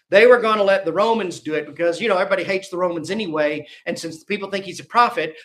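Guy preaching in church, high bright voice, gets really animated and does little voices for the people in the story. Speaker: pastor. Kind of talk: sermon.

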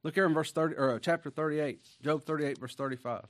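A man preaching a sermon in a folksy, conversational way. He swings from quiet asides to booming emphasis, reads scripture slowly and weightily, and chuckles between points. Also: steady tone.

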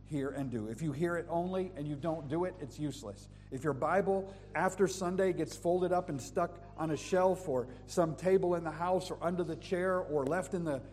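A man preaching a sermon, his voice a little high but mellow and dark in tone. He rises to loud emphasis on scripture and sinks to a hush when he prays. The sound rings with the long reverb of a church hall, with a faint hum underneath. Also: normal speed, hardly any pauses. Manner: swings between loud emphatic scripture reading and soft intimate prayer. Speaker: pastor. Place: church sanctuary.

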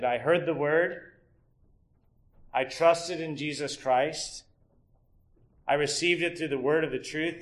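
A middle-aged man preaching an expository sermon, building into emphatic rhetorical questions and then dropping low and quiet to teach.

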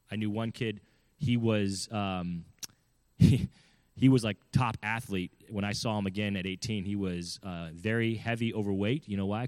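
Man, low voice, dry close sound, earnest storyteller, emphatic, asks the listener questions. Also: no echo. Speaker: speaker giving parenting advice. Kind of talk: storytelling talk.

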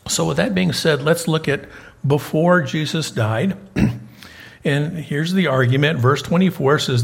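A prison-ministry preacher with a gravelly, somewhat high voice speaks at normal speed. His sermon is folksy and conversational; he repeats himself and keeps asking the congregation questions.

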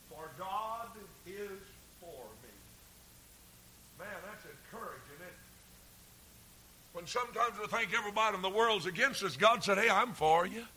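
A man preaches in a high, bright, ringing voice. His delivery is folksy and earnest, with drawn-out emphasis. He sinks to near-whispers and then builds to forceful shouting. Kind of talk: sermon.

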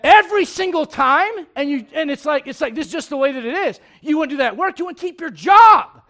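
A man preaching a sermon as pastor, moving from quiet conversational asides to shouted emphasis and laughing with his congregation. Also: extremely high pitch, animated, brisk.

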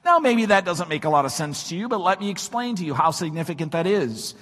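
High-voiced preacher in a reverberant hall. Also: male voice, sing-song, fast. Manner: dramatic swings from shouts to near-whispers. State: weak voice this morning. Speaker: pastor. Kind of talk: sermon.

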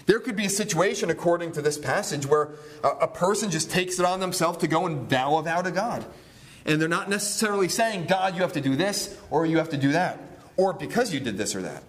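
A man's voice: on the high side, animated, fairly quick, fairly bright tone. A male pastor preaching a sermon, teaching scripture with rhetorical questions and repeated key phrases.

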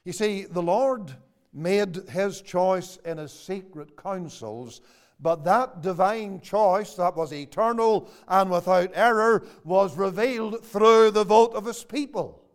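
Older man preaching, high clear voice. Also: slow. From Northern Ireland. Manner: preaching with King James quotations, rising to emphatic declarations. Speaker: pastor. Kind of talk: sermon. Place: church.

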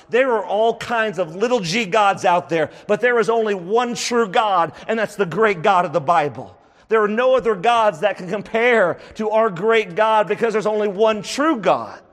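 A man's voice: sits high, fairly bright tone, in a large hall. A man preaching a sermon as pastor, emphatic and repeating key phrases for stress.

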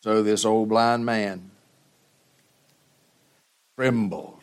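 A man's voice: lowish voice, fairly even intonation, drawn-out words, clean tone. A male pastor preaching a sermon, retelling scripture in a dramatic storytelling manner with rising emphasis.

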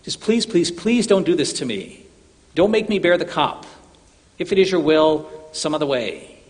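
A man's voice: fairly high pitch, big pitch swings, moderate pace. A man voicing Jesus as a grown man in anguish, begging, with long hall reverb. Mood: pleading. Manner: begging, pleading.

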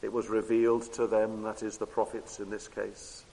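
A man preaching a sermon with emphatic repetition, moving between loud declarations and hushed low tones. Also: little pitch movement, normal speed, creaky. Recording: long hall reverb.

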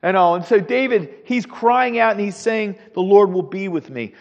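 A man leading a Sunday school Bible class, teaching in an animated, preacherly way with the odd chuckle. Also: high-pitched, moderate pace, long reverb tail, lo-fi sound. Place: church classroom.

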